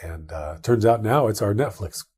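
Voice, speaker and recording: Dark husky-voiced man, rambling tech chat. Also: lowish voice, lively intonation, moderate pace. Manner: rambling, many restarts and fillers. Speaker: podcast co-host.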